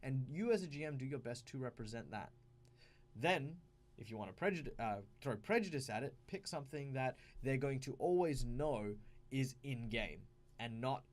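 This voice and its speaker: Animated Australian man giving game advice. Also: a little high. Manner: animated and emphatic, with frequent fillers and restarts. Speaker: tabletop game advice host. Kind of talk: casual advice monologue.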